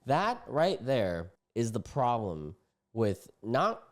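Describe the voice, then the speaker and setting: Animated young man reacting to posts. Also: medium pitch, takes it slowly. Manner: animated, indignant, slangy. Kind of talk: casual reaction commentary.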